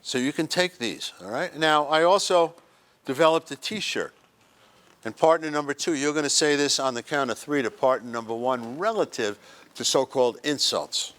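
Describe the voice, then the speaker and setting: A man's voice: mid-range voice, moderate pace, a bit bright. A man giving a humorous motivational talk to a group in a senior center room, acting out little scenes as he goes. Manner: joking, acts out little scenes and quotes. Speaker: workshop presenter.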